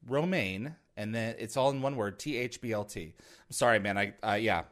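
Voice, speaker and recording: A man hosting an interview, reacting with quick enthusiasm and reading out fan questions. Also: on the low side, fairly bright tone. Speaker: host.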